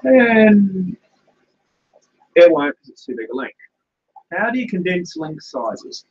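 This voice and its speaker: A man's voice: high voice, sing-song, moderate pace, gravelly, husky. A man hosting a casual live stream from his home fish room, chatting and thinking aloud while he reads comments. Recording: dull lo-fi stream audio.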